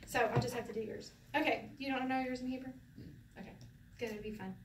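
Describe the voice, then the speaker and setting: A woman's voice: a little high, steady tone, quick pace. A woman teaching a Hebrew class in a casual, playful way, laughing often and going sing-song when she demonstrates. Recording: roomy, from a distance, faint background noise.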